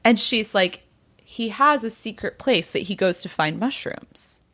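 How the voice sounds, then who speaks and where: A woman telling a gossip story on a podcast in a lively, chatty way. She slips into the voices of the people in her tale and says "like" all the time. Her pitch sits in the middle. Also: measured pace. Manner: animated retelling, acts out quoted people, frequent "like". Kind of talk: casual storytelling chat.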